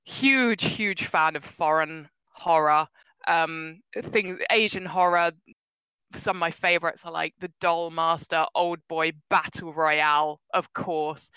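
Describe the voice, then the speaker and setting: A woman chatting casually as a podcast co-host, animated and laughing often, her voice jumping up when she gets excited. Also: deep voice, takes it slowly, clear, resonant tone, no echo, low-quality recording. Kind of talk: casual chat.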